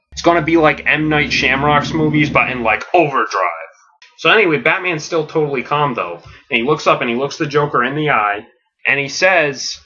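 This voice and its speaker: A man hosting a comedic podcast, pitching a story in a rambling, filler-heavy way with deadpan enthusiasm. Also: brisk, dull audio.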